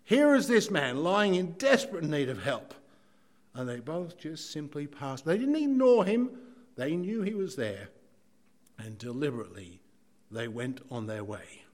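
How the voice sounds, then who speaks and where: Dramatic preacher, slightly high voice. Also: male voice, big pitch swings, a little slow. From Ireland. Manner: dramatic, shifts between loud emphasis and hushed asides. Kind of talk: sermon.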